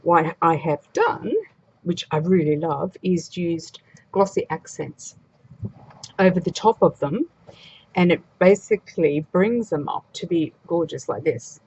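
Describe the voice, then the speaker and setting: A woman's voice: fairly low pitch, measured pace, a little mellow, husky, dull audio. A woman demonstrating a craft project in a chatty, casual way, thinking aloud as she works. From Australia.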